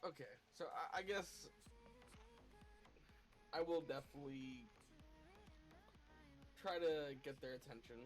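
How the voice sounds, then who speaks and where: A man's voice: on the high side, a little slow, pauses often, soft background music. A man playing a tabletop game, hesitant and thinking aloud about his moves. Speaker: player.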